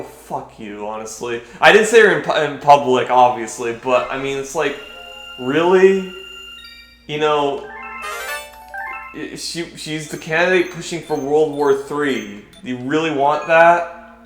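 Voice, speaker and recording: A man's voice: a little high, normal speed. Rambling young man over game music. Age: young adult. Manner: hesitant, full of restarts and fillers, swearing when irritated. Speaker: gaming vlogger. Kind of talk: rambling commentary over gameplay. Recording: roomy echo with faint game music.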